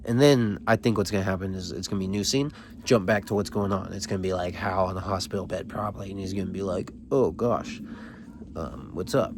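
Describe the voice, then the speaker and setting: A man's voice: deep voice, fairly even intonation, quick pace, background noise. A man hosting a casual read-along, reading from a novel and commenting in loose, slangy, rambling talk with many fillers. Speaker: host reading a novel aloud.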